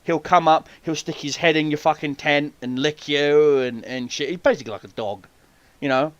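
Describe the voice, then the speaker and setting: Man, podcast host, boastful storyteller, heavy swearing, fairly high, dry close sound. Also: normal speed, a bit bright, dry recording, dull audio. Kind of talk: casual chat.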